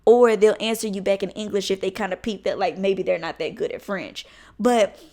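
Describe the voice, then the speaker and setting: A woman's voice: mid-range voice, normal speed, warm tone. Blunt, rambling young woman vlogging. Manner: candid, blunt, swears freely, rambling with restarts. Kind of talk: casual talking-head vlog.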